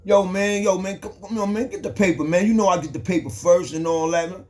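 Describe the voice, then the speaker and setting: A man's voice: high-pitched, brisk, a little mellow, natural voice. A young man voicing an irritable older man who insists he gets something first. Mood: demanding. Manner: pleading, insistent.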